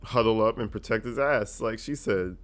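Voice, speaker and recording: A man giving casual, joking reaction commentary, peppered with cursing and animated asides. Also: on the low side, moderate pace.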